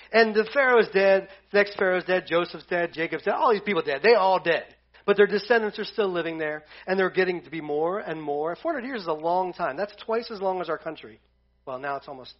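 A man with a high voice teaches a Bible lesson to a group and keeps it casual and joking. He retells scripture in everyday slang. The recording sounds dull and lo-fi.

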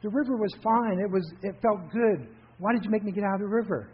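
A husky-voiced man preaching, putting on a frightened young man who keeps questioning himself aloud. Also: high voice, fast talker, pitched above the performer's own voice. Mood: pleading. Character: frightened young man torn about leaving a river. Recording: dull lo-fi recording.

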